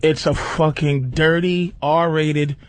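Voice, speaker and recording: A man, a comedian guest on a radio talk show, telling stories in an excitable, profane, laughing way. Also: on the high side, slow.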